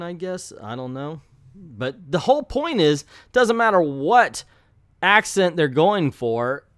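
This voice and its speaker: A man's voice: mid-range voice, no room sound, studio quality. A man with a slight Southern drawl, ranting bluntly and profanely as a comic book reviewer in an exasperated vlog.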